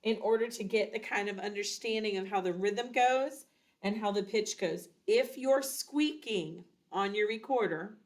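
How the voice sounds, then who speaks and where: A woman's voice: mid-range voice, normal speed. A woman teaching a children's recorder lesson, patiently explaining and chanting rhythms aloud. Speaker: music teacher.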